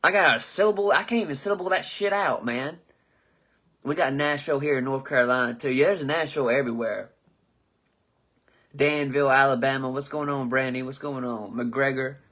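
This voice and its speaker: Bright-voiced young man riffing loosely. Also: medium pitch, a little fast. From southern United States. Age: 20s. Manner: loose, profane, joking, stumbles over names. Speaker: host. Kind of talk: live-stream comedy chat reading comments.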